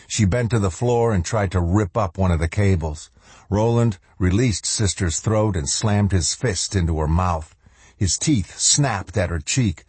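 A man with a low, husky voice narrates an audiobook in a measured, dramatic way, easing his pace when the story grows tense. His tone is dark and mellow, and the recording is close and dry. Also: no echo. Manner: measured, slows for dramatic moments and voices the characters' lines.

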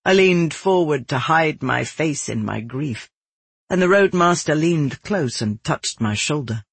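A man reading a first-person novel aloud in a measured, descriptive manner. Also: fairly high pitch, expressive, vocal fry, husky, no echo. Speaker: audiobook narrator. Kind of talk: scripted narration.

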